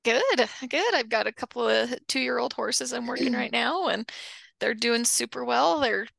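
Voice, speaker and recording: A woman's voice: on the high side, normal speed, creaky, no echo. A woman hosting a podcast and chatting easily about her work training young horses. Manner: relaxed, easygoing. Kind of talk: casual podcast chat.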